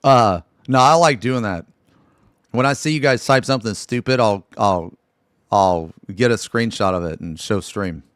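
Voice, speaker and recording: A man's voice: lowish voice, normal speed, a bit bright, no room sound, studio quality. A man streaming live, telling a story to his chat in a rambling, profane way, full of restarts and asides.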